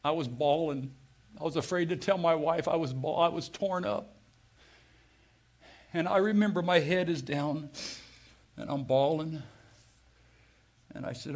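A middle-aged American man preaching a sermon, telling stories with feeling and swinging from loud to hushed. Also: fairly high pitch, unhurried, vocal fry, long pauses. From United States. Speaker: pastor.

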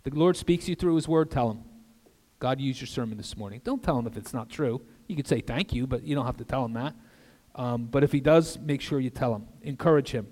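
A man's voice: mid-range voice, brisk. Older man preaching in a reverberant church. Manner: earnest preaching with asides and soft drops for emphasis. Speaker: guest pastor. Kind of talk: sermon. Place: church sanctuary. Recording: long reverb of a church hall.

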